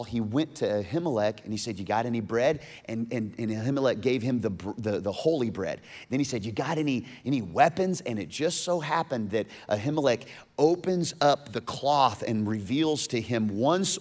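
A male pastor preaching a sermon, animated and emphatic, often restarting his words. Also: medium pitch.

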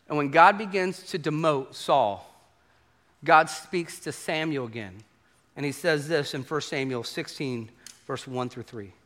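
A man preaching a sermon to a congregation as pastor, animated and acting out quoted voices. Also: fairly high pitch.

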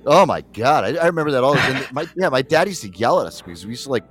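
A man spins a rambling, profane story on a casual podcast. His pitch rises and falls freely as he talks. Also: lively intonation, quick pace, husky, soft background music. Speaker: podcast co-host. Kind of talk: casual comedic chat.

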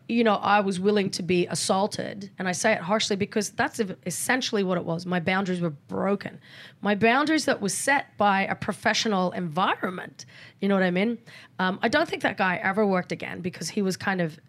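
A woman's voice: medium pitch, a little fast, a bit bright. A middle-aged woman, a podcast guest talking candidly and acting out quoted exchanges in a casual interview.

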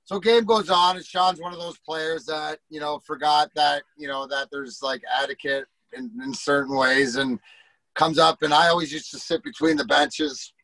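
A middle-aged former hockey player rambles through profane locker-room anecdotes and acts out what his teammates said. His voice sits a little high. The sound is dry and close to the mic. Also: fairly even intonation, normal speed, sharp tone, dry recording, rough recording. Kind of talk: casual storytelling.

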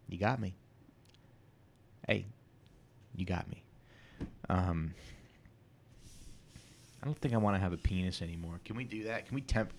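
A man in his thirties hosting a solo podcast, rambling crudely and self-deprecatingly with many halting restarts. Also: deep voice, a little mellow, slight background noise. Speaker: podcast host.

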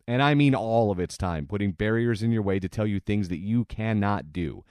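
Low-voiced man hosting a podcast. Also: a little mellow, no room sound, studio quality. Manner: conversational storytelling with fillers. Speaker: podcast host. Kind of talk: casual solo podcast monologue.

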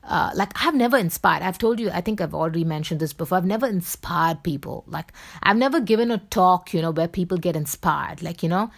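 A woman from India with a Bombay accent hosts her own podcast, speaking alone and at length. Her voice sits a little low for a woman. She talks insistently and with emphasis, leaning on "you know" again and again. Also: lively intonation, brisk. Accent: Bombay Indian English. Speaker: podcast host. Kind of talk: solo podcast monologue.

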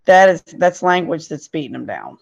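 A woman's voice: deep voice, very animated, moderate pace, creaky. A middle-aged woman, a podcast guest and parent, telling a story in an earnest, emphatic way. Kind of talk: casual storytelling. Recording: dull lo-fi sound.

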